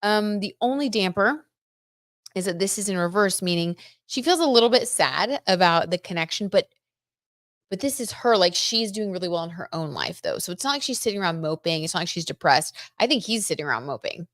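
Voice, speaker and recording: Animated and talking a little fast, a young adult woman hosts a tarot gossip livestream, chatting and giggling with viewers. She has a mid-range, slightly bright voice, recorded at studio quality with no room sound.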